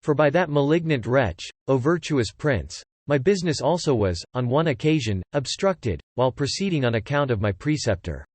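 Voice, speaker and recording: A man's voice: medium pitch, expressive, moderate pace, hardly any pauses, no room sound, natural voice. A man reading the part of a devoted young disciple who urges vengeance on a serpent, in earnest, formal archaic speech.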